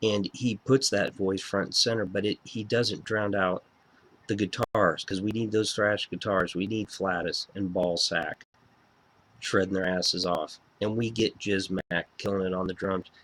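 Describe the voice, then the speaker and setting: Man, casual album review, excitable, profane, low-pitched voice. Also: a little slow. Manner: excitable, profane and fan-gushing.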